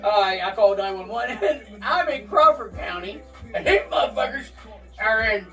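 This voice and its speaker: Man, swearing storyteller, lively bouncing pitch, laughs a lot, distant mic, faint music. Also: moderate pace. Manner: profane, laughs through his stories. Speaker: interviewee. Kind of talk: casual storytelling.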